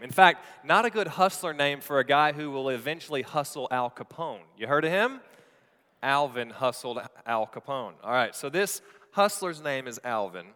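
A man's voice: medium pitch, pushed and bright, clean tone, in a large hall. A man preaching a sermon in a church, telling a story with playful asides to the congregation. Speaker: pastor. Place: church sanctuary.

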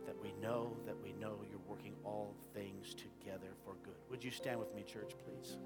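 A man preaching a sermon as pastor, shifting from quiet talk into sudden loud impassioned rises. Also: fairly low pitch. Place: church sanctuary.

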